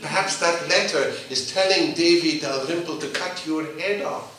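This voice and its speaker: A crafty fox that stretches every word, as a man puts him on. The voice is raised and bright, and it carries through an echoing room from well back from the mic. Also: fairly high pitch. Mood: sly. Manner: slow, drawn-out, coaxing. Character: sly fox, a hen thief. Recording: echoey room, mic far off.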